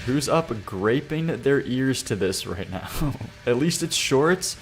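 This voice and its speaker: A man's voice: mid-range voice, animated, slow, faint music behind. A man hosting a live stream, casually reacting to viewers' songs with wry sarcasm, laughing asides and mumbled muttering. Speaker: streamer reviewing viewer song submissions.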